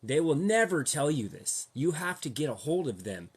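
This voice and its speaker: A man's voice: fairly high pitch, very animated, moderate pace, husky. A man vlogging a casual rant, slangy and profane, heated and repetitive as he talks to his viewers. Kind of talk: casual ranting monologue.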